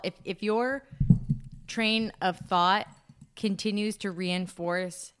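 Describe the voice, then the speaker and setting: A woman co-hosting a podcast in casual chat, who talks emphatically with halting restarts and frequent laughter. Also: on the low side, fairly bright tone, smooth. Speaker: podcast co-host.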